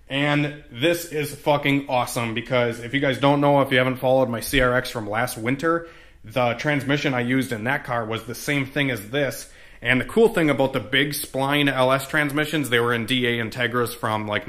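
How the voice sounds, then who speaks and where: A young man talks through wiring and transmission work in his home garage. His voice is bright and forceful, and his speech is loose and rambling, full of fillers and cursing. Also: medium pitch, steady tone, normal speed. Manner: rambling, profane, many fillers. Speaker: car tuning vlogger. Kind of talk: casual garage walkthrough.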